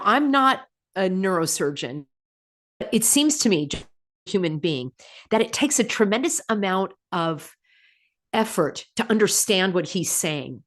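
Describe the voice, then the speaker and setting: Sarcastic woman hosting a commentary vlog. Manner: sarcastic, full of rhetorical questions, laughing asides; animated, pitch jumping up on mocking remarks. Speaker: channel host. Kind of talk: casual commentary, reading viewer comments.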